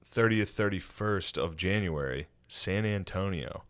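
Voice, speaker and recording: A young man co-hosting a podcast, chatting casually and telling stories with loud, animated impressions. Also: low voice, measured pace. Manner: animated storytelling, bursts into loud yelling impressions. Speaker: podcast co-host. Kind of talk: casual chat.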